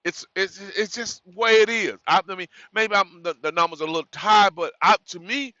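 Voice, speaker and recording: A man's voice: sits high, fairly quick, few pauses, pushed and bright, dry recording, highs cut off. A man who drives trucks, giving new drivers frank, rambling advice in a casual vlog, correcting himself and repeating words as he goes.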